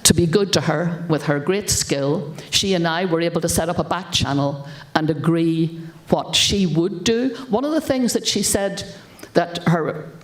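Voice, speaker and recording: A woman's voice: fairly low pitch, measured pace. An older woman with an Irish accent gives a keynote speech as a story, stressing her points by repeating words. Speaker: keynote speaker. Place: conference hall. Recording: roomy conference hall sound.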